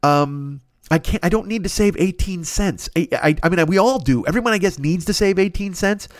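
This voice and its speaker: A man's voice: high-pitched, animated, moderate pace, no echo, studio quality. A middle-aged man on a podcast, rambling through a crude, profane comedic rant and laughing at his own jokes. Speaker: podcast host.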